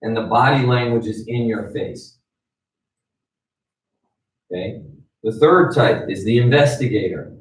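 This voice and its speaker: A man's voice: mid-range voice, unhurried, long pauses. Man teaching in an echoey room. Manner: conversational, checks in with "right?" and "okay?". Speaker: sales trainer. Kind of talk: training lecture. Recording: roomy echo, mic at a distance.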